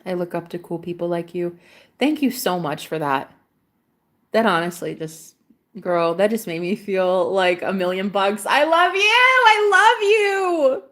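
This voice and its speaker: A woman's voice: on the low side, normal speed. A young woman talks straight to her livestream viewers in a casual, confessional way. She is blunt and swears freely, and her voice gets emotional as she speaks. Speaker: livestream host.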